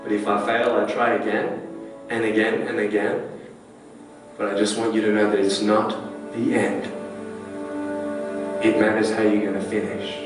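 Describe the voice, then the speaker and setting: A man's voice: on the low side, level tone, normal speed, pauses often, far from the mic. Playful man giving a motivational talk. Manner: playful, joking, asks the crowd questions. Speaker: motivational speaker. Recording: clip played in an echoey hall, heard from afar with music.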